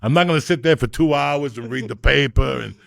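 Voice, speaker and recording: A middle-aged man, telling crude comic stories in a loud, profane, animated way. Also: mid-range voice, fairly quick, gravelly, dry recording, studio quality. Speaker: comedian and podcast host.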